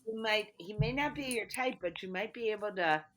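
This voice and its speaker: A woman's voice: medium pitch, brisk, fairly bright tone. A woman playing a tabletop game, earnestly arguing her plan with some hesitation. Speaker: player.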